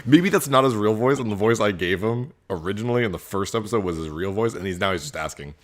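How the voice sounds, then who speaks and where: A man hosting a let's play, giving jokey, animated gameplay commentary with rambling asides, recorded at home. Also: lowish voice, quick pace. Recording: voice over game music.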